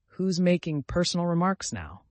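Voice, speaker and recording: A man's voice: a little high, very animated, normal speed, no echo. A man reading an audiobook, voicing a rude, smug grown man who snipes triumphantly. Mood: snide. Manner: snide, triumphant. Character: rude, smug adult male hatter.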